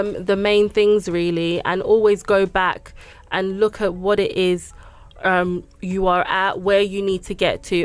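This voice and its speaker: A young woman as an interview guest, chatting casually and sharing advice in a relaxed, giggly way. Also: mid-range voice, clean tone.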